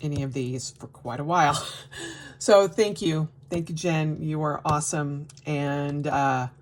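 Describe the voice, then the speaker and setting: A woman vlogger unboxing mail in a casual chat, gushing and excitable with frequent gasps and exclamations. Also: low-pitched, unhurried. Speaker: crafting vlogger.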